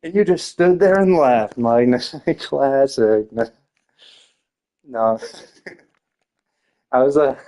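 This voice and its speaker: A man's voice: mid-range voice, slow pace, long pauses, a little mellow. A young man, a teacher, chatting casually, swearing freely, packing his stories with fillers and laughing often. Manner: loose, profane storytelling with many fillers; frequent laughter. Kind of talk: casual podcast chat.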